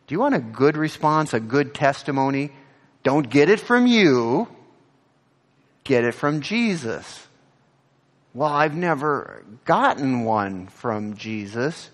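A male pastor preaching an animated sermon. He asks the congregation direct questions and rises to emphatic peaks when he quotes scripture. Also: on the high side, measured pace, big-room sound.

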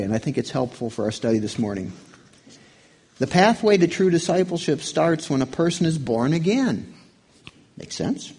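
A man delivers a sermon in a relaxed, conversational way, asking his listeners questions. His voice is gravelly and a little husky. His pitch moves up and down a lot as he preaches. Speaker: pastor.

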